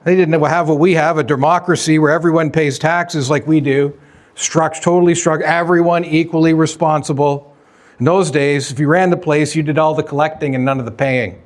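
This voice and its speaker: A man's voice: fairly high pitch, fairly even intonation, normal speed. A man preaching a sermon as pastor, conversational, asking the congregation questions and acting out quoted dialogue.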